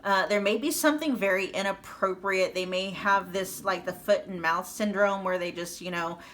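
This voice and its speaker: In a mid-range, fairly bright voice at normal speed, a woman with a Midwestern American accent does a laid-back tarot reading for her audience. She thinks aloud and chats, often restarting and using fillers.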